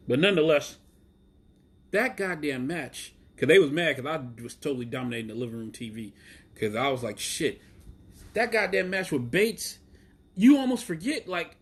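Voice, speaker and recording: A man hosting a wrestling show alone, ranting in a rambling, profane, excitable way with lots of fillers. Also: medium pitch, slightly rough. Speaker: wrestling podcast host. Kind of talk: solo casual rant.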